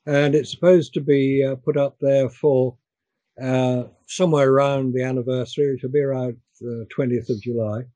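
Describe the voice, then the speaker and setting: An older man chatting on a discussion call, pausing and repeating words as he talks. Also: mid-range voice, fairly even intonation, mellow, no room sound, lo-fi sound. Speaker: guest. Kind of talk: casual chat.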